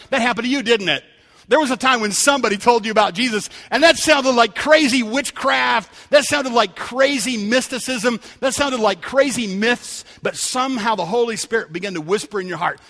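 A man's voice: high-pitched, pushed and bright. A man preaching a sermon, telling stories in a conversational way and building to emphatic calls to the congregation. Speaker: pastor. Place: church sanctuary. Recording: church hall reverb.

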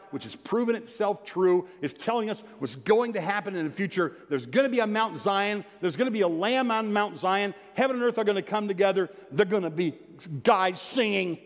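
A man preaching a sermon, reading scripture and telling playful stories with sudden loud bursts of excitement. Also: high voice. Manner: animated, playful storytelling with sudden loud outbursts. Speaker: pastor. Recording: long hall reverb.

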